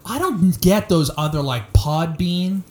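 A man's voice: sits high, animated, measured pace, darkish tone. A man in his thirties, a stand-up comic, chatting on a podcast in a rambling, self-deprecating way and swearing a lot. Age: 30s. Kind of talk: casual podcast chat.

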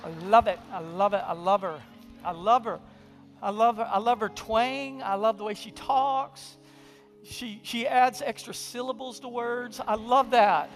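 A man preaching a sermon in a conversational, humorous storytelling way, sometimes dropping to a hushed, intimate delivery. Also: very high voice, fairly even intonation, measured pace, soft background music. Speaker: pastor.

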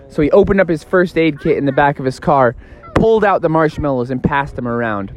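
A man's voice: on the high side, lively intonation, fairly quick, faint music behind. Playful young man telling a rambling story. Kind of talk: improvised storytelling.

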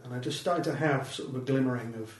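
A man's voice: mid-range voice, fast, reverberant, distant mic, a little hiss or hum. A middle-aged man from Britain, a comedian chatting in an interview, rambling and self-deprecating with a dry tone. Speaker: comedian guest. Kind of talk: casual interview chat.

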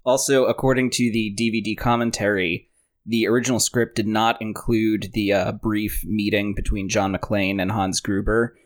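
A man hosting a casual movie podcast, sharing trivia in a relaxed, joking way. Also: lowish voice, moderate pace. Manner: relaxed, shares trivia, jokes around. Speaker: podcast host.

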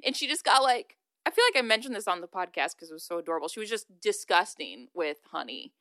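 A woman co-hosting a casual podcast, animated and chatty. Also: medium pitch, quick pace, dry recording. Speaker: podcast co-host.

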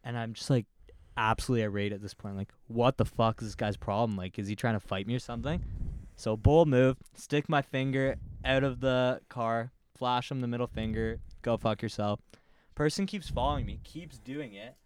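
A man's voice: mid-range voice, steady tone, moderate pace, slight background noise. A young man co-hosting a podcast, telling a sweary, laughing story in casual chat. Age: young adult. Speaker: podcast co-host.

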